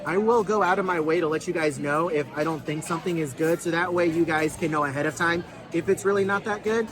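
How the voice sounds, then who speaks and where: A fast-talking man with a fairly high voice hosts a cruise vlog channel, narrating casually to camera aboard a ship. He's chatty and upbeat, addressing his viewers directly, while busy ship venues fill the background with music and crowd chatter.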